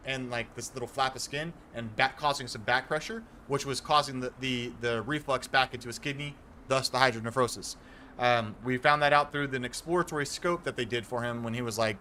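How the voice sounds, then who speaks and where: A man's voice: medium pitch, sharp tone, a little hiss or hum. A young man streaming a game, talking casually and earnestly to his viewers from a home setup, rambling and restarting as he explains. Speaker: gaming streamer.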